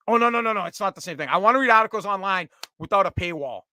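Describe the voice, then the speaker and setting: High, bright-voiced ranting man. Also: racing, no room sound. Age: middle-aged. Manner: profane, animated, ranting. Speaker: podcast host. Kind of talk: casual comedic rant.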